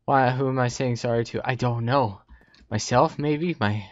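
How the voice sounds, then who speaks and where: Young male gaming commentator, jumpy and chatty, talks to himself, medium pitch, slightly muffled home recording. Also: normal speed, no room sound. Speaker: gaming YouTuber. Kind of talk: Minecraft gameplay commentary. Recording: slightly dull lo-fi audio.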